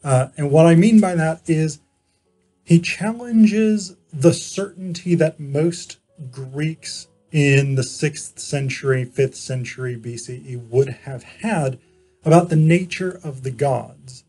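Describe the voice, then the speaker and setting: A man delivers an unhurried, informal philosophy lecture, stopping often to rephrase himself. His voice sits slightly high, with a mellow, husky tone. Faint music plays behind him. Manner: measured explaining, frequent pauses and self-corrections.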